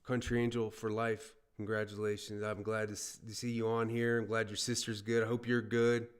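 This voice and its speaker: A man streaming casual live play-by-play of a fight, excitable and chatty, repeating short exclamations and talking to his viewers by name. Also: lowish voice, moderate pace, clean tone.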